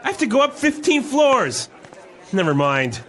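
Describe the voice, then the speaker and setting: An actor playing a flustered office worker who is not good with machines and grumbles when things break. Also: male voice, mid-range voice, big pitch swings, moderate pace, a bit bright, some chatter behind. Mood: exasperated. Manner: exasperated, grumbling outbursts. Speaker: dialogue character.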